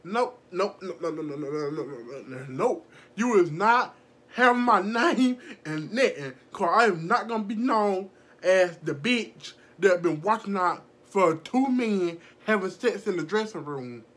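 A young woman telling a casual storytime vlog, animated and profane, laughing often and acting out the people in her story. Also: on the low side, unhurried, husky. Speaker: vlogger.

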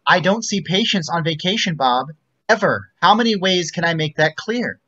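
A man's voice: high voice, lively intonation, normal speed, sharp tone, lo-fi sound, full character voice. A man reading a stern, exasperated psychiatrist. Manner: firm, clipped, controlled. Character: stiff, exasperated male psychiatrist. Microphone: video call.

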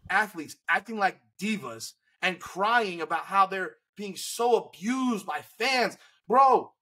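A man's voice: sits high, pushed and bright, husky, poor audio. A man co-hosting a sports podcast, ranting bluntly and with profanity in an indignant tone. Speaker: podcast co-host. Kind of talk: heated sports opinion rant.

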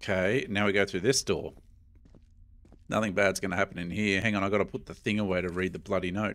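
A man's voice: low voice, fairly even intonation, fast, a bit bright. A middle-aged man with an Australian accent gives chatty, jumpy commentary while playing a horror game and talks to his viewers. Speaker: gaming YouTuber.

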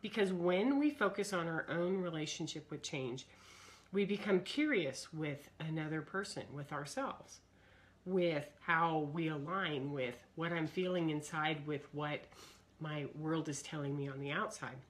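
Middle-aged woman talking live to viewers, kinda low voice, earnest, circles back and repeats herself. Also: measured pace. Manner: earnest, searching, repeats key words. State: coughing fits, throat trouble. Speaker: speaker on personal growth. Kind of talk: live broadcast talk to viewers.

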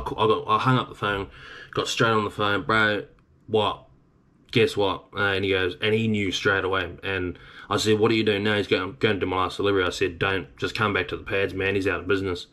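A man's voice: sits low, fairly bright tone. A man in his thirties with an Australian accent, a truck driver casually telling a story in a blunt, rambling way with some swearing.

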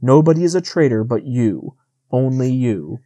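A man's voice: mid-range voice, expressive, normal speed, warm tone, no room sound, close to an everyday voice. A man reading an audiobook voices a dying male fox who pleads and then hisses with contempt. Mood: contemptuous. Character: wounded male fox, proud and bitter.

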